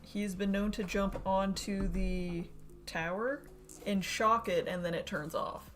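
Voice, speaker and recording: A woman's voice: medium pitch, steady tone, slow pace, soft background music. A young woman chatting casually and joking while she builds model kits on a stream. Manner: chatty, joking, laughs often.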